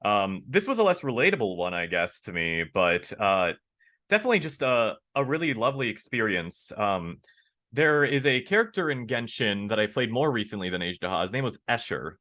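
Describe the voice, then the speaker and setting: A man, a voice actor, chatting casually in an interview, animated and candid, laughing easily. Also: fairly quick. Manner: animated, acts out quoted lines with big pitch jumps. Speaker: voice actor guest.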